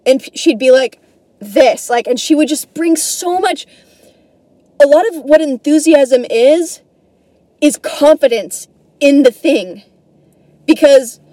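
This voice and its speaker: A young woman hosts a solo podcast, rambling along in a self-deprecating way, casually swearing and often restarting her sentences. Her voice is high yet mellow. The sound is dry and close, with no room around it.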